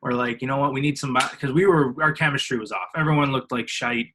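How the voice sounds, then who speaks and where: Young man, bright voice, casual storytelling, animated, acts out other voices. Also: mid-range voice, fast talker, slight background noise, poor audio. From Illinois, US. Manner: animated, acts out other people, heavy filler words, laughs often. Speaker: podcast guest.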